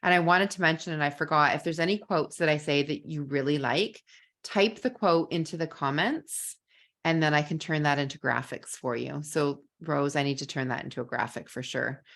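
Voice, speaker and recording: Earnest kindergarten teacher telling a story. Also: female voice, low-pitched, normal speed, gravelly, a bit bright. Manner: earnest, storytelling, repeats words while thinking. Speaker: kindergarten teacher presenting a parenting masterclass. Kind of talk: live online masterclass storytelling.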